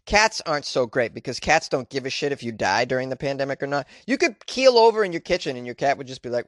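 A man's voice: mid-range voice, big pitch swings, fairly quick, hardly any pauses, a bit bright, no room sound. Wisecracking male podcast host, dry sound. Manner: sarcastic, crude, rambling, talks to himself. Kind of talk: comic news commentary.

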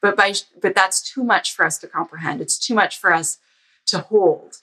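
A woman guest on a podcast, telling lively stories in casual conversation and acting out the dialogue as she goes. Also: medium pitch, moderate pace, breathy edge, low-quality recording. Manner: lively anecdotes, acts out quoted dialogue. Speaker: podcast guest, security author. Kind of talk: casual storytelling interview. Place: lives in a Canadian province.

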